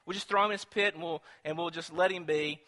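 A man voicing a biblical eldest brother who pleads in hurried, stammering bursts. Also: on the high side, fairly even intonation, sharp tone. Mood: pleading. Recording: long church reverb.

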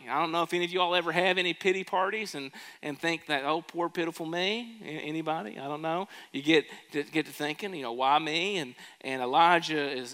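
Telling a story from the pulpit, a male pastor asks the congregation questions during his sermon in the church sanctuary. His voice is a little high with a sharp tone, and long reverb fills the church.

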